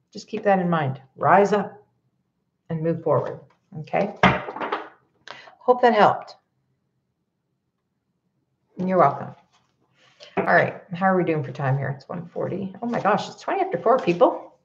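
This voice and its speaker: A woman's voice: medium pitch, dull audio. A woman healer doing a live card reading, advising viewers in a conversational way, often checking in with "okay?" and laughing lightly. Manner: laughs lightly between points.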